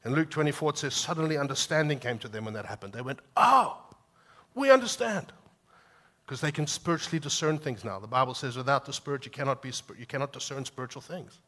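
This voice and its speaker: Bright-voiced male preacher. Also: mid-range voice, quick pace, hardly any pauses. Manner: animated preaching with acted-out quotes. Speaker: pastor. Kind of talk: sermon.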